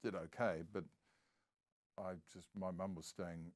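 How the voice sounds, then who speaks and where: A man's voice: low voice, steady tone, a little slow. A man from New Zealand with an Australian accent, a guest in a casual interview who tells long, rambling stories. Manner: rambling anecdotal storytelling.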